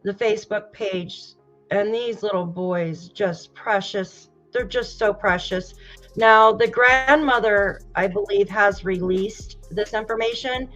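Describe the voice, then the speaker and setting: Slow-talking emotional woman host. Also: medium pitch, lo-fi sound, soft background music. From United States. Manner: emotional, sympathetic, softly exclaiming. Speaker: true crime show host. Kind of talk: casual live-stream commentary, reading viewer comments.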